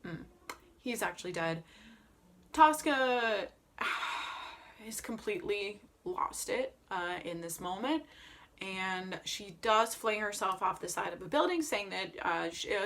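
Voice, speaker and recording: A woman chatting casually as an Enneagram coach, animated and emphatic, with playful jokey asides. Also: mid-range voice, unhurried. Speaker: Enneagram coach and opera vlogger. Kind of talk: casual vlog chat.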